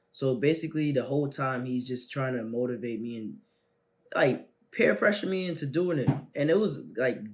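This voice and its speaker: A young man hosts a self-help video and tells a personal story. His medium-pitched, slangy, animated talk shifts between loud bursts and quiet asides.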